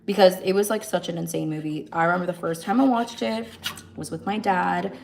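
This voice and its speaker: A woman hosting a casual livestream, telling the story of a movie while she cooks and acting out the characters' lines with lively energy. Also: fairly low pitch, brisk, gravelly. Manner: animated storytelling, jumps between narrating and acting out lines. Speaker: livestream host. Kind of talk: casual chat retelling a movie while cooking.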